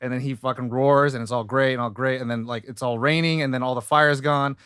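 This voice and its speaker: Fast-talking slangy podcast host, man. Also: medium pitch, fairly even intonation, fairly bright tone, clear, resonant tone, no room sound, clean studio sound. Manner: rambling, slangy, mimics characters in quick asides. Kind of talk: casual chat, film recap.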